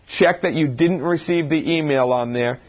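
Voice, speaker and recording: Delivering a casual health talk to a live audience, a chiropractor speaks in a higher-side voice at a normal speed. Rhetorical questions and frequent restarts carry him through his points.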